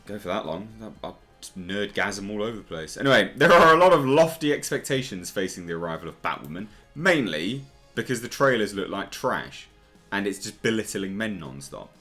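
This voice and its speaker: A man's voice: lowish voice, very animated, moderate pace, bright, forceful tone, faint music behind. A man hosting a casual pop-culture commentary video, talking in a sarcastic, exasperated way. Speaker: YouTube commentary host.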